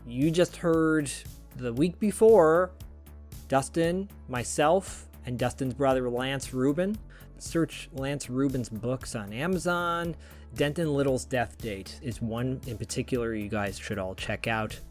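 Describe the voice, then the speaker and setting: A man co-hosting a podcast, giving quick, upbeat introductions in casual chat. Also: mid-range voice, darkish tone, faint music behind. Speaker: podcast co-host.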